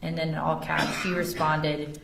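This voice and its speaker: A woman's voice: low voice, level tone, moderate pace, creaky, background noise. A woman testifying as an investigator in a courtroom, carefully reading text messages aloud. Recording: echoey courtroom audio from far off.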